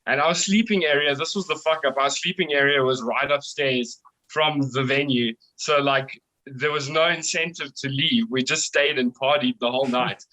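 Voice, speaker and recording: A young South African man, a band vocalist, telling a wild tour story in casual, excitable talk, swearing freely and laughing often. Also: a little high, moderate pace, low-quality recording.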